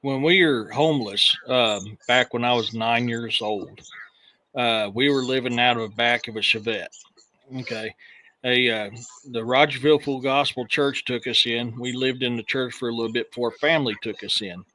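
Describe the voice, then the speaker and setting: Male podcast host, earnest and plain-spoken, bright tone. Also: mid-range voice, steady tone, moderate pace, no echo, rough recording. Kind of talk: casual chat.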